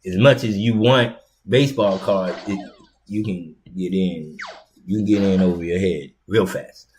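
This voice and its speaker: A man's voice: low-pitched, measured pace, a little mellow, slight background noise. A man hosting his own show, talking casually and rambling with repeated words and slang. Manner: rambling, repetitive, conversational with slang. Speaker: host. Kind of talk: casual instructional monologue.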